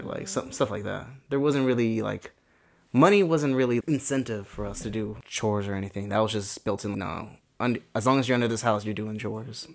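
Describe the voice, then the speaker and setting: Man, twenties, gravelly, casual podcast chat, rambling, lots of "like". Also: fairly low pitch, normal speed. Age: 20s. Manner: rambling, fills speech with "like". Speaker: podcast co-host.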